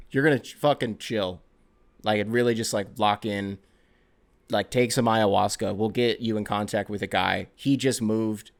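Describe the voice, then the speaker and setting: A tired male league official , as a man plays him, scolding a star player in a low-key, soft, swearing way. He sounds fed up rather than loud. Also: fairly even intonation, normal speed, vocal fry. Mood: exasperated. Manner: weary, scolding, profane, soft-spoken.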